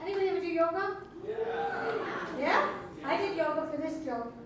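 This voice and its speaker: A woman's voice: very high voice, expressive, normal speed. A woman hosting a comedy club night, doing stand-up between acts and teasing and hyping the crowd in a brash way. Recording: echoey club room, distant mic, background noise.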